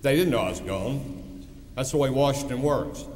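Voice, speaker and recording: A man's voice: medium pitch, expressive, moderate pace, darkish tone, slight background noise. An older man giving a commencement address, telling blunt stories with emphatic punches. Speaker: commencement speaker. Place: large hall. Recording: echoey hall from far off.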